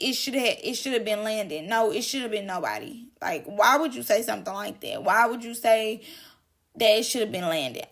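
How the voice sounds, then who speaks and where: Animated woman gossiping about drama. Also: fairly high pitch, gravelly. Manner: chatty, drawn-out emphatic exclamations. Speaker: drama commentary host. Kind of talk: casual gossip commentary.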